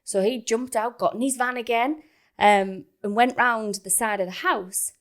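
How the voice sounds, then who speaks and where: A woman co-hosting a podcast, telling a story in a casual, animated way and acting out other people's lines. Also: a little high, unhurried. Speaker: podcast co-host.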